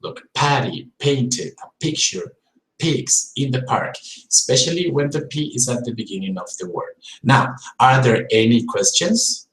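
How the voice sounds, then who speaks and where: This pronunciation lesson comes from a male English teacher, a native Spanish speaker, streaming live in an echoey room. He speaks at a medium pitch with a measured pace and slightly bright tone, repeating sounds and words and regularly checking in with his audience.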